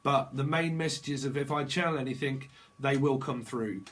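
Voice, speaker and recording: A man giving a tarot reading, rambling quickly and bluntly with slang and swearing. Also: mid-range voice, fairly bright tone. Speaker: tarot reader. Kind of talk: channeled tarot reading monologue.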